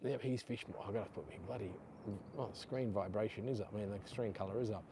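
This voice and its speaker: A man's voice: lowish voice, a little fast, background noise. Rambling Australian man on a beach livestream. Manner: chatty, rambling, reading out viewer comments. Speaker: live-stream host. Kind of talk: casual live-stream chat. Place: outdoors on a beach. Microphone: chest-clipped lapel mic.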